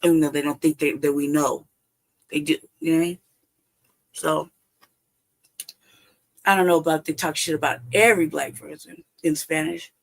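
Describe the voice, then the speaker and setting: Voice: mid-range voice, fairly even intonation, moderate pace, creaky, long pauses. A livestream host telling a personal story casually, heavy with profanity, laughing often and acting out both sides of a conversation. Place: home livestream setup.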